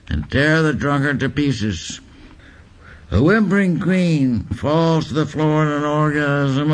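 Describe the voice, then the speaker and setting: A man reading literary prose aloud in a deliberate, deadpan recital. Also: a little high. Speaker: reader.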